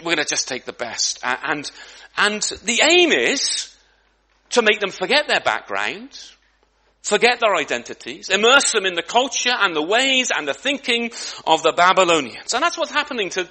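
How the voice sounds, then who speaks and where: Animated high-pitched male preacher. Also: normal speed. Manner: conversational, with frequent restarts and asides; animated and lively emphasis. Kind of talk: sermon. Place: church.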